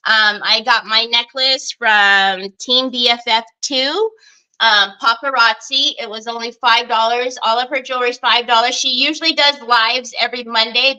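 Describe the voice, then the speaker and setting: Woman, high voice, bright tone, chatty craft livestream host. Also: poor audio. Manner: excitable, chatty, addresses viewers as y'all. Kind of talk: casual livestream chat.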